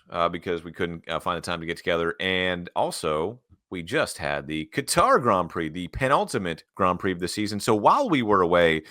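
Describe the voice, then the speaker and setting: Low-voiced guy hosting a sports podcast, animated and jokey, dry close sound. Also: dry recording. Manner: animated, joking, explains at length. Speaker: podcast host. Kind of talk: casual sports chat.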